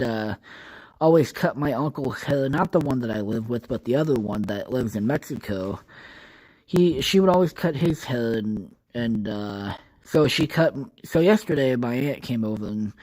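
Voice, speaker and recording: A man's voice: medium pitch, darkish tone, low-quality recording. Rambling young man, swearing nonstop. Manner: rambling, swears constantly, many filler words. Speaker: podcast host. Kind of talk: casual solo podcast monologue.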